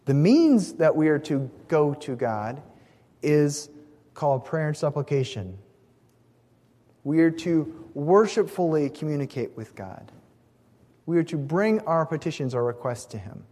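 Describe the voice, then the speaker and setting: A man's voice: fairly high pitch, expressive, measured pace, warm tone. A man preaching a sermon in an earnest, emphatic way, stressing key words and sometimes restarting a phrase. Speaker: pastor. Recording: long hall reverb.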